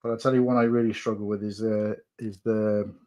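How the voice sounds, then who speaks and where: A man's voice: fairly low pitch, flat delivery, brisk, mellow. A man hosting a casual live stream from home, chatting and reading viewer messages aloud. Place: at home, building on the sofa.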